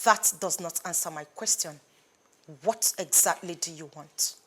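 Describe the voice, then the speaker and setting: A woman's voice: on the low side, a little slow. An actress with a Nigerian accent playing a defiant, obsessive young woman in a film drama. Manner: defiant, sharp.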